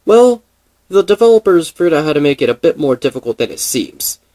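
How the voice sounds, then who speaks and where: A man talking casually into the mic, his voice sitting a little high. He rambles and thinks out loud, stumbling over fillers and restarting his sentences as he goes. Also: sing-song, a little fast. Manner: chatty, thinking aloud. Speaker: gaming video creator. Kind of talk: casual commentary.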